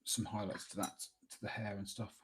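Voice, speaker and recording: A man giving relaxed, rambling commentary while painting miniatures live, thinking aloud with lots of fillers. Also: fairly low pitch, brisk, heavy background noise. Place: at a hobby desk at home.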